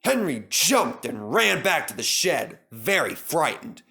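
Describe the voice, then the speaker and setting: A man's voice: fairly high pitch, a little slow, creaky, breathy edge. A man reading a children's train story aloud as narrator. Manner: expressive, lively narration.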